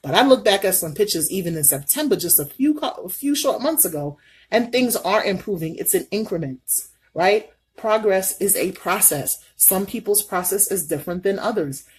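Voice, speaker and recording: A middle-aged woman vlogging her makeup routine while telling a story in an animated, folksy way. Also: fairly low pitch, breathy edge. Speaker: beauty vlogger. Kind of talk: casual makeup vlog storytelling.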